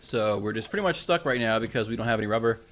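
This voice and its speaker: Low-voiced man commentating his gameplay. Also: lively intonation, racing, a bit bright. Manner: thinks aloud, self-correcting, talks to the robots. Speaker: let's play host.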